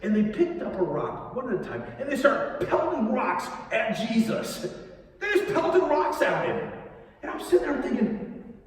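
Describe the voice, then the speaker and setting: Older cross builder, rough and guilt-ridden, played by a man; a higher voice, broken phrasing, distant and echoey. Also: wildly swooping pitch, exaggerated voice. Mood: grim. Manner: halting, emotional, restarts and nervous laughs. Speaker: church drama performer. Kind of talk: first-person dramatic monologue. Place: large echoey church sanctuary. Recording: echoey hall from far off.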